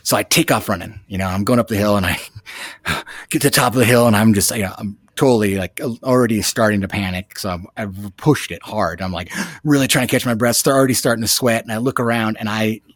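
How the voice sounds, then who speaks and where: A man guest telling a dramatic personal story in an animated way, with many restarts. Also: on the low side, fast talker, few pauses, no room sound, studio quality. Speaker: podcast guest. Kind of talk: storytelling anecdote.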